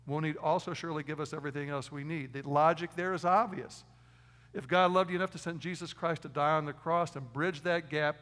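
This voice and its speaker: Gravelly-voiced male preacher in a big hall. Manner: emphatic preaching, swings from loud stresses to quiet low asides. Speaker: pastor. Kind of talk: sermon.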